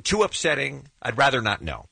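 Radio host, man, bright husky voice, animated pitch, dry studio sound, self-mocking chat. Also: a little fast, no echo. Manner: chatty, self-mocking storyteller.

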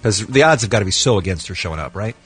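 A man hosting a morning radio show in casual banter, tossing out quick quips. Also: fairly low pitch, slightly rough, faint music behind. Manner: quick, lively host patter with quips.

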